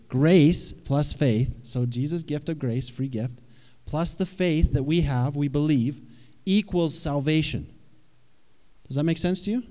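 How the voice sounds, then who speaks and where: A man preaching in a relaxed, conversational way, often turning questions to his listeners. His voice sits a touch high for a man. The long reverb of a large church hall trails his words. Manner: conversational, asks the audience questions. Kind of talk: sermon.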